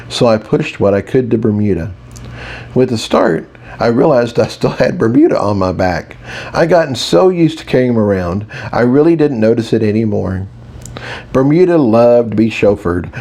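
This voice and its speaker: Expressive male audiobook narrator. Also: lowish voice. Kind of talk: first-person audiobook narration.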